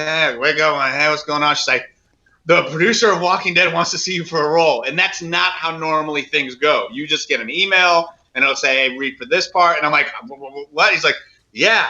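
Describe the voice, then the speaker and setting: Middle-aged male guest actor, bright higher voice, lively storyteller, lo-fi podcast sound. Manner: animated storyteller, acts out voices, laughs often. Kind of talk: casual podcast chat.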